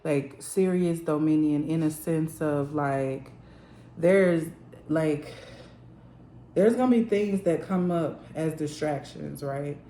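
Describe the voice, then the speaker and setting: A woman's voice: sits low, takes it slowly, dark tone, reverberant, a little hiss or hum. A woman giving a spiritual card reading at home, talking earnestly and emotionally with lots of "like" fillers.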